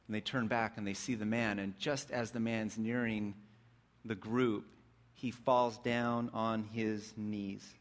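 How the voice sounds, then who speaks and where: A man preaching a sermon, retelling a story vividly, swinging between excited bursts and hushed, reflective passages. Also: mid-range voice.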